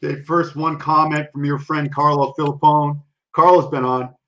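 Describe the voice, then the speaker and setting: A man's voice: a little high, level tone, normal speed, a bit bright. A man hosting a podcast interview, reading out viewer comments and asking short questions. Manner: brief encouraging interjections, reads viewer comments. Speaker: podcast host. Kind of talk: casual interview. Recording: dull lo-fi remote audio with faint noise.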